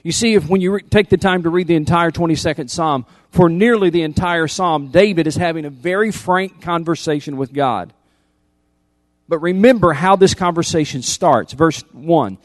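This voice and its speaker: A man preaching a sermon as pastor, emphatic, repeating key lines and swinging from loud appeals to hushed intensity. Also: a little high, normal speed, dry recording.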